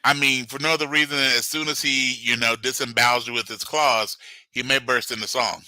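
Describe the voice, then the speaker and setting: Middle-aged male co-host, jokey riffer, very bright voice. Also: mid-range voice, fairly even intonation, no room sound, low-quality recording. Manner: jokey, riffing, quick asides. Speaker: podcast co-host. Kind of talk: casual chat.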